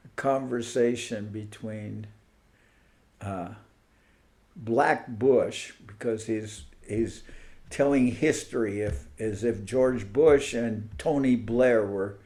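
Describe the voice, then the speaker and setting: This spiritual teacher's voice is fairly low and darkish, and he speaks slowly. Giving an informal online talk to devotees over a video call, he muses aloud and halts to search for words and names.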